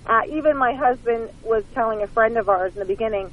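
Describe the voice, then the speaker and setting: Woman guest calling in by phone: a candid, self-mocking storyteller with a slightly high voice, slightly muffled sound. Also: fast, breathy edge. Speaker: author and guest. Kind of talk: phone-in interview, casual storytelling. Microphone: phone line.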